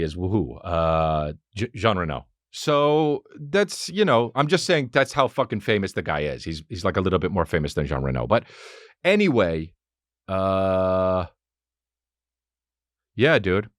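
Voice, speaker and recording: Man podcast host, forties, lively swooping pitch, profane, excitable, dry close sound. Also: dry recording. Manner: profane, excitable, swings into high-pitched bursts. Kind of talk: rambling comedic monologue. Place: home studio with dog present.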